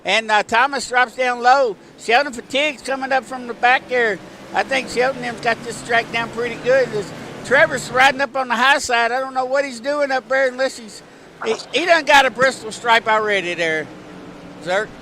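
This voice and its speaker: A man with a drawl hosts live race commentary in a high, bright voice. He rambles in a folksy, excitable way, full of fillers and catchphrases. A faint hiss sits under him. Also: moderate pace. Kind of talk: live sim racing play-by-play.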